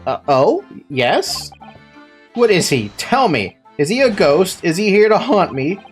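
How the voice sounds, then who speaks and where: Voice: medium pitch, very animated, measured pace, soft background music. A let's-player voicing a melodramatic, anxious young male student who wails theatrically. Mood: dramatic. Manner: theatrical wailing. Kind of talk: reading game dialogue aloud.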